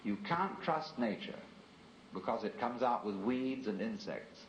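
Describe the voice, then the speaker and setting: A man delivers a philosophical lecture in a measured, reflective voice, often turning to the listener with rhetorical asides. The archival tape sounds roomy and dull. A faint hiss runs underneath. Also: mid-range voice, expressive.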